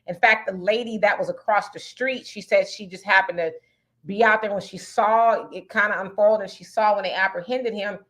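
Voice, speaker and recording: A woman's voice: medium pitch, steady tone, moderate pace, fairly bright tone. A middle-aged woman hosting a casual live-streamed talk show, chatting conversationally and reading viewer comments aloud. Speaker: host.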